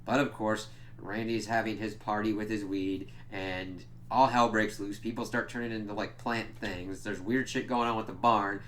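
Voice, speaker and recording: A man's voice: fairly low pitch, steady tone, moderate pace, fairly bright tone, slight background noise. A man giving a casual spoken review of a cartoon episode, swearing often and sounding exasperated as he mock-quotes the characters.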